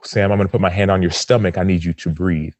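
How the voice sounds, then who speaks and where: With a deep voice and a quick pace, this podcast guest in his thirties tells a personal story in an animated, sincere way, voicing the quotes as he goes.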